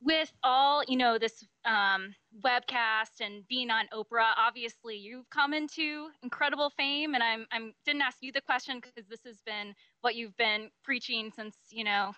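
A woman's voice: on the high side, a little slow, few pauses, sharp tone, smooth, no echo, poor audio. A woman calling in over a webcast link to ask a question, hesitant and full of fillers. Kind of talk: asking a question on a live call.

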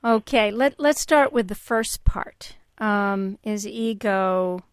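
A woman hosting a call-in radio show, speaking in a calm and reflective way and telling stories. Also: mid-range voice, slow, clean tone, no room sound, studio quality.

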